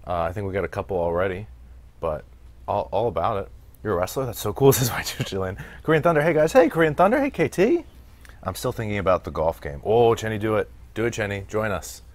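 A man's voice: deep voice, fast, no echo. An American man doing casual let's-play commentary as a gaming streamer, chatty, laughing often and swearing freely while he reads the chat. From United States.

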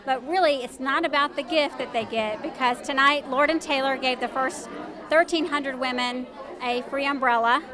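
A woman's voice: high-pitched, normal speed, crowd noise. A woman organizing a downtown shopping event, answering interview questions with lots of ums. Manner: informative, many fillers. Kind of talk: on-the-street interview. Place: busy downtown street at night.

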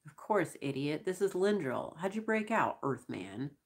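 A woman's voice: deep voice, big pitch swings, measured pace, exaggerated voice. A woman voicing a short male pirate crewman who snaps and sneers with contempt. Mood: sneering.

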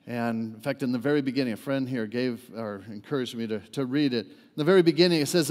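A man's voice: medium pitch, fast, hardly any pauses, darkish tone. A man preaching a sermon to a church congregation, joking with the crowd and asking them to respond. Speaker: guest preacher. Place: church sanctuary. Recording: echoey church hall reverb.

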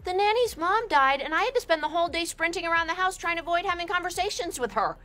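A woman's voice: extremely high pitch, lively intonation, fast, pushed and bright, faint music behind, exaggerated voice. An actress playing a blunt, selfish, wealthy mother in a TV comedy, bossy and cutting.

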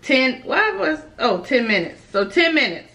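A woman's voice: high voice, very animated, a little slow, creaky, pushed and bright. A woman food vlogger, chatting casually and nervously to her viewers, laughing often. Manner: nervous, giggly energy. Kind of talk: casual mukbang vlog.

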